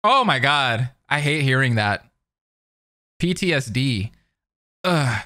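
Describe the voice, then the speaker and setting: A man's voice: medium pitch, animated, takes it slowly, sharp tone, no echo. A man hosting a reaction video, emotional, exclamatory and jokey in casual commentary.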